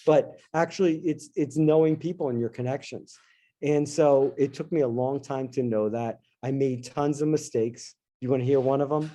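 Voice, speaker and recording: A middle-aged man, a guest in an interview, telling a personal story in an animated, casual way and acting out his own past lines. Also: medium pitch, moderate pace. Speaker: interview guest, dentist and investor.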